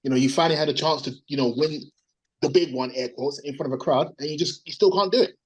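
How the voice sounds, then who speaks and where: A man co-hosting a wrestling podcast from home, giving long opinionated takes. He rambles and often stops to hunt for the right word. His voice sits a little high for a man. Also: fast talker, low-quality recording. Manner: opinionated, rambling, searches for words. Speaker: podcast co-host. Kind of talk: casual wrestling opinion chat. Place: resting at home.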